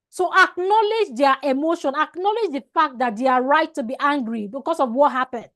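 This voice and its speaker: Teaching a customer service class by video call, this woman has a high, fairly bright voice and speaks at normal speed with few pauses. It's an online training lecture; she stresses her words, repeats and restarts phrases, and keeps asking "All right?".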